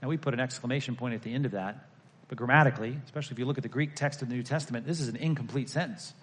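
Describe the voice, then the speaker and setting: A male pastor preaching a sermon, talking conversationally with the congregation and moving between emphatic peaks and hushed lines. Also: medium pitch, very fast.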